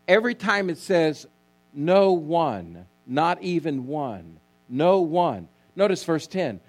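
A male pastor preaching a sermon, emphatic and repetitive, calling on the congregation to answer. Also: fairly high pitch. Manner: emphatic preaching, repeats key words, asks congregation to respond.

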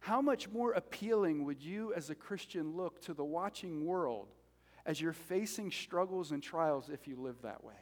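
A man preaching a sermon as pastor, animated and conversational, joking with the congregation between points. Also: fairly high pitch, normal speed. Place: church sanctuary. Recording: reverberant hall.

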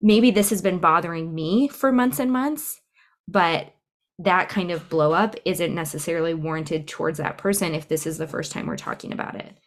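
With a voice on the low side and a normal speed, a female podcast guest who works as a cycle syncing coach talks things through. It's a casual interview, reflective and conversational, peppered with fillers.

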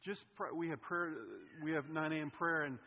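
A man preaching a sermon, telling a personal story in an animated way, his voice swinging between loud and hushed. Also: a little high, moderate pace, a little hiss or hum. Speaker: pastor. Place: church sanctuary. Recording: reverberant hall, dull sound.

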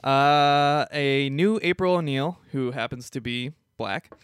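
Male podcast co-host, casual and halting, smooth clear voice with a dry close sound. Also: medium pitch, no room sound. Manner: relaxed, hesitant, lots of fillers and chuckles. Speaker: podcast co-host presenting news. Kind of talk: casual chat.

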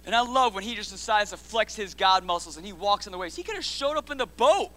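High bright-voiced pastor preaching. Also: male voice, fast talker. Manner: builds to shouts in repeated phrases, then drops low; slangy, energetic preaching. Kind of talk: sermon.

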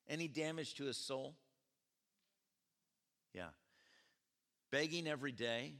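A man pastor preaching a sermon at a church service, animated and questioning his congregation as he tells the story. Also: on the high side, a little slow. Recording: echoey church hall.

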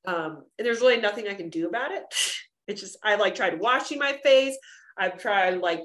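A woman's voice: medium pitch, animated, normal speed, a bit bright. A woman co-hosting a podcast in casual chat, talking in loose run-on sentences full of "like" and acting out the voices she quotes. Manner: chatty, filler-heavy, acts out quoted voices. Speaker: podcast co-host.

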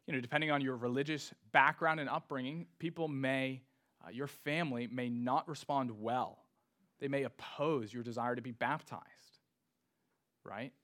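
Guy preaching a sermon, earnest, pushes up loud on the big questions then drops low. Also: fairly even intonation, normal speed. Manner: earnest preaching, rising to emphatic rhetorical questions. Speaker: pastor.

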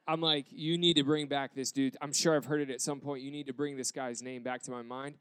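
A man in a casual storytelling style, retelling an embarrassing moment with self-deprecating, animated quoted dialogue. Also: fairly high pitch, fairly quick, clear, resonant tone, no room sound.

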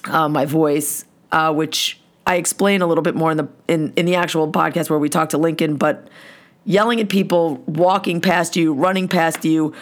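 A woman hosting a podcast, ranting with lots of swearing in a hoarse voice. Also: low voice, steady tone, normal speed. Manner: profane, heated ranting. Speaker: podcast host. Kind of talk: ranting monologue.

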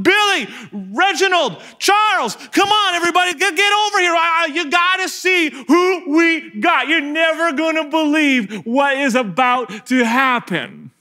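A man's voice: very high-pitched, pitched above the performer's own voice, exaggerated voice. A man voicing a rowdy, mocking male Roman soldier who calls to his friends and laughs. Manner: loud, jeering, laughing, calling to friends.

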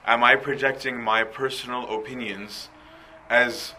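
Bright-voiced preacher asking "right?". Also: male voice, medium pitch, fairly even intonation, unhurried, slight background noise, rough recording. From Coptic Christian community. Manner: conversational, rhetorical questions, frequent "right?". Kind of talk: sermon.

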